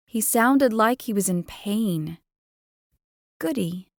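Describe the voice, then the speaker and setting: A woman narrating a first-person romance audiobook in an expressive, playful way, on a close studio mic. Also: medium pitch, takes it slowly, creaky, dry recording.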